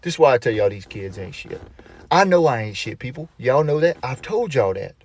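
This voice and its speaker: A man's voice: mid-range voice, big pitch swings, fairly quick, husky. A man telling comic stories about his kids in a profane, exasperated rant. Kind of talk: comedic storytelling.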